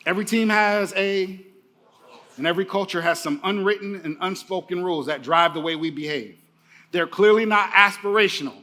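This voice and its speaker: Middle-aged male keynote speaker, bright and high-pitched, hammering points home through repetition. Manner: emphatic, repeats key phrases. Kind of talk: motivational keynote speech.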